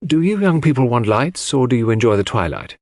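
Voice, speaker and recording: A man doing a calm, gracious hostess. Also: mid-range voice, brisk, no room sound, clean studio sound.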